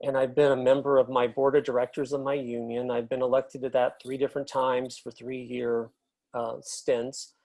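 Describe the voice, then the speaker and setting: A middle-aged man, a film and TV editor, telling relaxed anecdotes as an interview guest, with plenty of fillers. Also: medium pitch, moderate pace. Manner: relaxed storyteller, many fillers.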